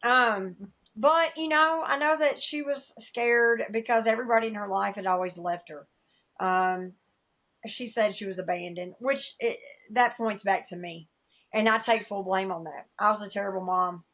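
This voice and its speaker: A woman's voice: medium pitch, moderate pace, a bit bright, dull audio. A woman with a Southern US accent, a podcast guest sharing a personal testimony, candid and emotional, acting out the voices she quotes. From American South.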